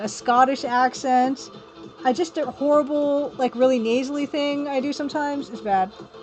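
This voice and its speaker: A woman hosting a casual live stream, chatting and rambling to her viewers and laughing often. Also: high voice. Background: faint music from a record player.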